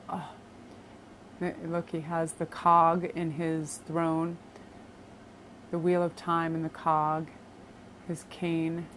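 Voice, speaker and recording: A woman's voice: fairly low pitch, a little hiss or hum. A woman doing a casual tarot reading for her viewers, gushing over the cards and calling them "you guys". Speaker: tarot reader.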